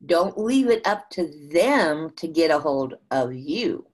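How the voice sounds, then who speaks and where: An older woman from the USA, a guest in an interview, telling a business story in an animated way with frequent restarts. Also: deep voice, takes it slowly, slightly rough.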